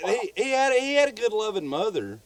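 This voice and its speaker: A man's voice: sits high, very animated, a little fast, over a noisy crowd. Man, Southern US accent, podcast co-host, casual true crime storytelling, rambling, swearing. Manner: rambling, repeats words, swears freely.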